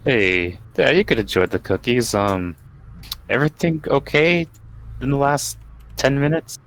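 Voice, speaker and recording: A man's voice: medium pitch, a little slow, a bit bright. A man playing a tabletop game, talking in character in a playful, laughing way with stammering restarts. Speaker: player. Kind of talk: casual in-character tabletop play.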